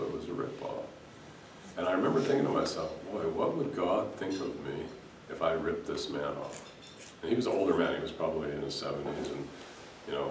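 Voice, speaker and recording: A man's voice: low-pitched, a little hiss or hum. A man giving an earnest spiritual talk to a gathering as a Sufi teacher, telling stories with many restarts. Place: hall in front of an audience. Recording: echoey room, voice from a distance.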